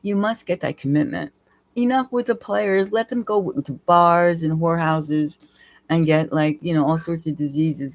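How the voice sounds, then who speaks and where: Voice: medium pitch, normal speed, dry recording. A tarot reader giving a live reading, with blunt, emphatic advice, casual swearing, and sentences that ramble and restart.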